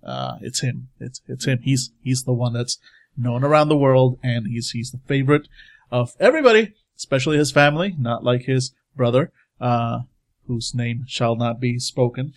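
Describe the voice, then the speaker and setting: A man player in a tabletop role-play, playfully introducing his scientist character, halting and repeating words. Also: medium pitch, level tone.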